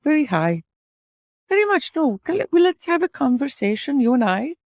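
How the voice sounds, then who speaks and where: A woman voicing a soft-spoken, lilting Swedish-accented woman. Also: high-pitched, big pitch swings, normal speed, no room sound, studio quality, pitched above the performer's own voice. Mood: playful. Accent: put-on Swedish.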